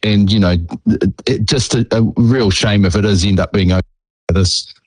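A man's voice: on the low side, steady tone, normal speed, darkish tone, husky, dry recording, poor audio. A middle-aged man with a New Zealand accent, a former cricketer being interviewed, talking with many ums and restarts. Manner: hesitant, lots of ums and restarts.

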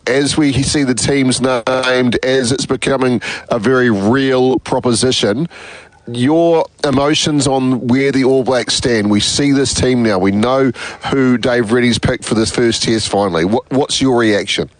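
A man co-hosting a sports show, asking questions in a measured, formal way. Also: medium pitch, dry recording, rough recording. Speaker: radio sports co-host. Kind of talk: studio sports talk.

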